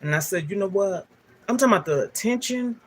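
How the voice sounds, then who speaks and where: A woman's voice: mid-range voice, lively intonation, fast, a little hiss or hum. An older woman, a livestream host telling a candid, emotional personal story straight to her viewers.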